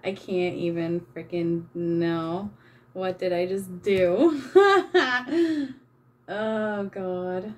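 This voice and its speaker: A woman's voice: on the low side, steady tone, slow pace, warm tone. A woman chatting casually while she paints, self-mocking and embarrassed, giggling and swearing freely. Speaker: channeler and vlogger.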